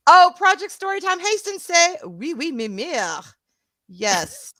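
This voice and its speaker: A woman's voice: very high-pitched, big pitch swings, takes it slowly, sharp tone, no echo. A woman with a Southern US accent, co-hosting a casual livestream and greeting her chat, calling viewers sweetheart and honey with a giggle. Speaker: co-host of a stream.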